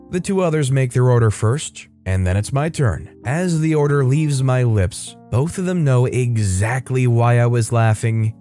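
A man's voice: medium pitch, warm tone. A man reading storytime narration with wry, jokey asides.

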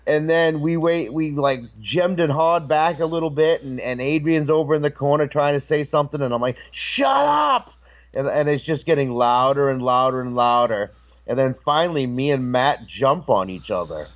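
A man's voice: medium pitch, normal speed, highs cut off. A man who is a guest on a podcast, telling a story in casual talk and acting out the voices in it. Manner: animated, acts out voices in his stories.

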